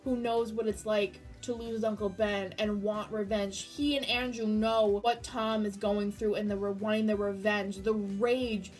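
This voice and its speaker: A woman giving an excited spoiler review of a movie, gushing, swearing freely and breaking into near-screams. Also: mid-range voice, unhurried, hardly any pauses, far from the mic, soft background music.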